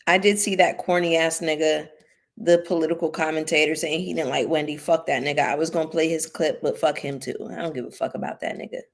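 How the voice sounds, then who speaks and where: A woman's voice: deep voice, fairly even intonation, fast. Tipsy, foul-mouthed woman host. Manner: heavy cursing, blunt and heated. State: tipsy from drinking bubbly. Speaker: channel host. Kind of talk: casual commentary livestream.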